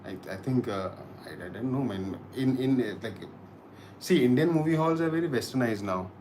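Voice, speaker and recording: A man's voice: medium pitch, lively intonation, moderate pace, darkish tone, a little hiss or hum. A man from Kashmir hosting a casual live stream, reading comments and thanking viewers with lots of restarts. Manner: chatty, repeats words and restarts, thanks viewers. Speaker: livestream host.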